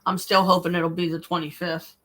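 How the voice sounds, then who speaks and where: A woman's voice: fairly low pitch, flat delivery, brisk, a bit bright. Exasperated woman rambling on a livestream. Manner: rambling, exasperated and blunt, swears freely; speaks to one viewer directly. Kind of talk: casual livestream monologue.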